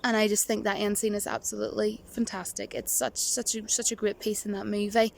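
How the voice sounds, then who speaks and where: A woman's voice: mid-range voice, level tone, fairly quick, vocal fry, slight background noise. A woman vlogger chatting casually to camera, rambling and giggling, with a touch of self-mocking nerves. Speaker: movie vlogger.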